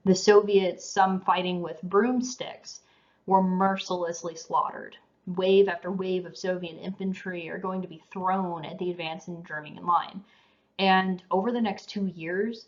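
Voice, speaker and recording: A woman giving a history lecture in a casual, conversational way, tired and yawning now and then. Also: lowish voice. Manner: casual, conversational, says you know and um. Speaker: teacher. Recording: dull lo-fi recording.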